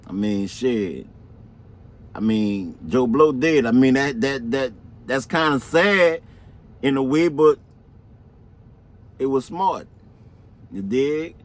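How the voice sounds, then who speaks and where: A man's voice: medium pitch, takes it slowly, long pauses. A middle-aged man telling street stories in casual, slang-heavy talk, often asking "you heard me". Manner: slangy, laid-back, keeps saying "you heard me". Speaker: interviewee.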